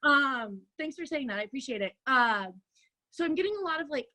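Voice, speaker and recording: A woman's voice: sits high, lively intonation, brisk, bright, forceful tone, poor audio. A woman fitness coach giving an upbeat motivational talk over a video call, chatty and peppy, often tossing in "like" and "right?". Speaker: fitness coach speaking at a virtual brunch.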